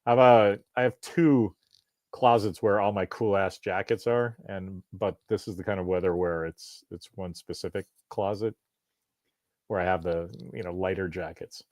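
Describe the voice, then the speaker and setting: A man in middle age with a low voice hosts a live show on a video call. He talks in a loose, joking ramble, trailing off and restarting. The sound is close and dry. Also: steady tone, moderate pace, a little mellow, no echo. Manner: rambling, self-interrupting, joking. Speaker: podcast host. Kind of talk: casual live-stream chat.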